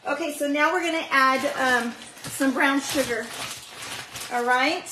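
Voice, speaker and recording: A woman's voice: sits high, unhurried, roomy sound, recorded from a distance, background noise. Chatty woman hosting a kitchen live stream. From Southern California. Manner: chatty, greets viewers by name, many fillers. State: out of breath after running stairs. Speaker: channel host baking live. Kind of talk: casual live-stream cooking demo. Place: home kitchen.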